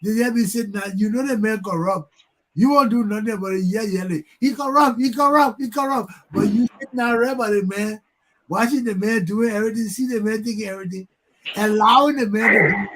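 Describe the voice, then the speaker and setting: Hosting a talk show, this Liberian English–accented man rants with heat and imitates people yelling the same thing over and over. He speaks at a high pitch and a little fast.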